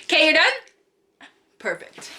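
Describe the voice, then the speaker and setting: With background noise behind her, a young woman vlogger tells a storytime to camera from home in a high-pitched voice with huge pitch swings and a measured pace. She's chatty and slangy, repeats phrases for emphasis, and acts out quotes with loud cries.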